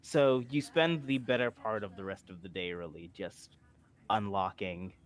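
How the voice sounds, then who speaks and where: A man running a tabletop game as game master, narrating and answering players in a slow, measured way. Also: on the low side.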